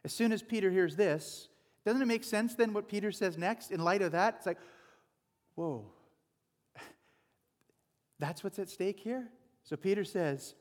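Guy preaching a casual sermon, kinda high voice, big echoey hall. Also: lively intonation, a little slow, pauses often. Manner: informal, chatty preaching with asides. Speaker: pastor. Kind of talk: conversational sermon.

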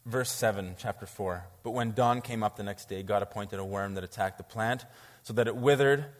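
Preacher, man, lively and incredulous, delivering a sermon in a church with long hall reverb. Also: fairly low pitch, normal speed. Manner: animated, reads scripture aloud and reacts with incredulity.

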